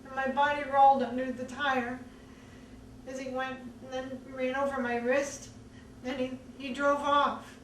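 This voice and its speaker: A woman speaks slowly and earnestly, pausing often as she recounts her own experience. The mic sits some way off in a reverberant room, and a faint hiss of background noise runs beneath her voice. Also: sits high, level tone, a bit bright, distant mic. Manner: earnest, measured recounting with many pauses. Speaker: survivor telling her own story. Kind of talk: personal testimony.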